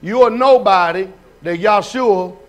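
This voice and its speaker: A man preaching a sermon, animated, shouting and laughing, acting out voices. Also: high voice, unhurried.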